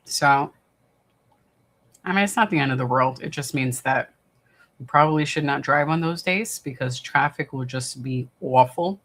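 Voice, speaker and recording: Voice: medium pitch, moderate pace, fairly bright tone. A livestream watch-party host from the New York area, chatting casually, reading out viewer comments and rambling with many fillers.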